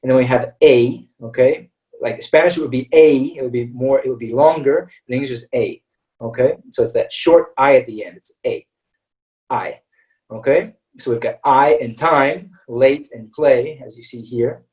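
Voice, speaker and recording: A man's voice: medium pitch, moderate pace, a little mellow, recorded from a distance, low-quality recording. An American man teaching English in a live webinar, talking in a chatty way and often checking in with "all right" and "okay".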